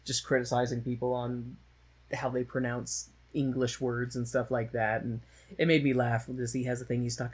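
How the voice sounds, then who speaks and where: A man's voice: mid-range voice, steady tone, normal speed, breathy edge. A man chatting casually about a movie he watched, rambling along with frequent laughs and a sardonic edge. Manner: rambling, laughs often, slips into mocking voices for quotes. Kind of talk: casual chat, movie discussion.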